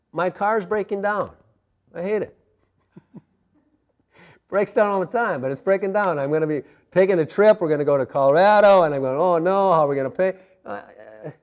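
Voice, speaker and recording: A man's voice: a little high, darkish tone. A man preaching a sermon as a pastor, conversational, with personal asides, laughs and calls of amen.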